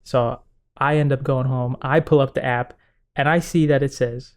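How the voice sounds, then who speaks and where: A young podcast co-host tells a story in a casual chat, acting out what other people said and laughing often. His voice is mid-range, clear and resonant, at a normal speed. He comes across as an animated storyteller.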